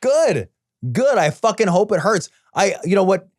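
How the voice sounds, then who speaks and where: A man's voice: high voice, lively intonation, moderate pace, no echo, studio quality. A man co-hosting a podcast, talking politics in a heated, crude and sarcastic way. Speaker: podcast co-host. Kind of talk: casual political chat.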